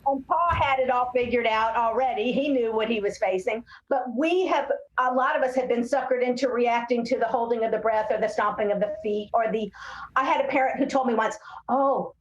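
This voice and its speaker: Woman in her sixties, a clinician guest, animated storyteller, slightly high voice, echoey room. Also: a little fast, dull audio. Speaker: speech-language pathologist guest. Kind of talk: podcast interview. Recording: roomy echo.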